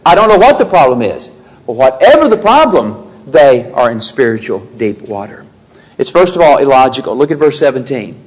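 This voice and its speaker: A man's voice: medium pitch, animated, brisk, darkish tone, poor audio. A man preaching an expository sermon, reading scripture aloud and pressing his points with rhetorical questions.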